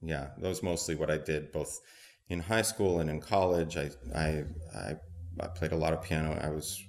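A young adult man, a stage actor, answering interview questions in a thoughtful, measured way. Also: extremely low pitch, steady tone, darkish tone. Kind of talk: interview conversation.

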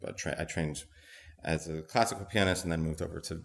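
A young adult man, a stage actor, answering interview questions in a thoughtful, measured way. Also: a bass voice, fairly even intonation. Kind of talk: interview conversation.

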